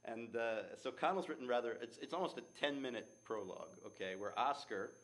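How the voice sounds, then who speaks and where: A man's voice: medium pitch, a little fast, fairly bright tone, slight background noise. A man, a theater's artistic director, answering interview questions with enthusiasm and telling stories. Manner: enthusiastic, storytelling.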